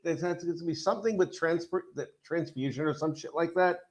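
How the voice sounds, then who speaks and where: A man's voice: a little high, brisk. A man in casual podcast chat, rambling and swearing as he retells a story and acts out the quotes. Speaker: podcast co-host.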